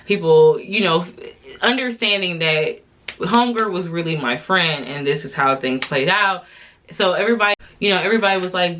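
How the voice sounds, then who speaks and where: A woman's voice: fairly low pitch, normal speed, fairly bright tone. Tipsy woman in her twenties telling a story. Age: 20s. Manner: chatty, exasperated, slangy storytelling to viewers. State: tipsy from drinking. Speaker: vlogger. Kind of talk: casual storytime while doing makeup.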